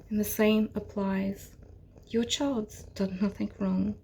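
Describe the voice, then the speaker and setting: A woman giving a rambling, earnest tarot reading, often dropping into soft whispers. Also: mid-range voice, level tone, a little slow, slight background noise. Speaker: tarot reader. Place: at home with her cat.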